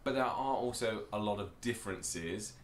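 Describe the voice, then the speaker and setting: A man's voice: on the low side, moderate pace, a little hiss or hum. A British man co-hosting a couple's video, jokey and teasing. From Britain. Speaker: co-host of a couple's video channel. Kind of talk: casual chat. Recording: echoey room.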